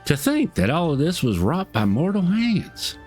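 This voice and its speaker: A man's voice: a little high, huge pitch swings, a little slow, a little mellow, faint music behind, voice pushed up. A man voicing an earnest young woman on a thief hunt, in a put-on Southern US twang with formal, old-fashioned phrasing, reading game dialogue aloud. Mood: resolute.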